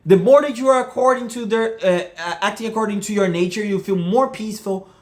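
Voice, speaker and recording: A man's voice: sits high, a little fast. A man giving earnest relationship advice, often checking whether the listener follows him. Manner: earnest, keeps asking "you get what I mean?". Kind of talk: casual monologue to camera.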